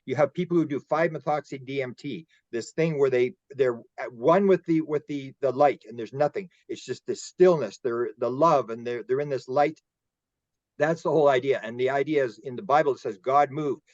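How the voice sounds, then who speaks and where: A man speaks in a loose, rambling way, doubling back on words as he chases a thought. His voice is mid-pitched. The sound is dull and lo-fi, as if it comes over a call, and it is dry. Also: normal speed, darkish tone, no room sound. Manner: rambling, repeats words, acts out quoted voices. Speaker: UFO researcher and guest. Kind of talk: casual roundtable discussion.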